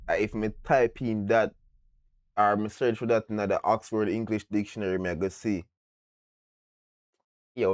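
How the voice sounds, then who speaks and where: A Jamaican man hosting a reaction video, talking in patois, animated and often cutting in. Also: on the low side, no echo, clean studio sound. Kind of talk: casual reaction commentary.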